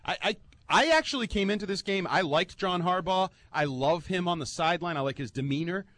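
A man's voice: high-pitched, lively intonation, brisk, fairly bright tone. A man giving an emphatic, heated sports-talk rant as a football analyst, repeating his points for effect.

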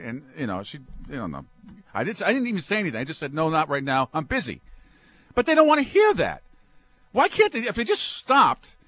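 A man hosting a sports talk show, ranting in a comic, exasperated way and swinging from low mutters up to yelps. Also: a bit bright, dry recording.

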